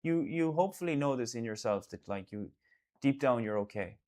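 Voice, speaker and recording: A man's voice: medium pitch, animated, a little fast, a little mellow. A man in casual one-on-one talk, earnest and reassuring, rambling with fillers and restarts and repeating himself for emphasis. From Ireland. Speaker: artist and host.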